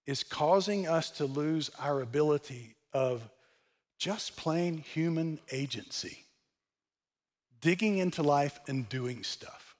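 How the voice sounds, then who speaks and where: Older male speaker, slightly high voice, blunt sermon-style delivery with dry sarcasm. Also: slow pace, darkish tone.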